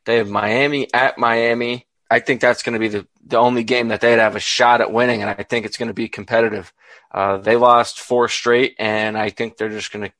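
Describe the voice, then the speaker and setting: A man co-hosting a casual sports betting talk, laying out his picks in a measured, methodical way. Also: mid-range voice, flat delivery, a bit bright, no echo. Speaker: podcast co-host.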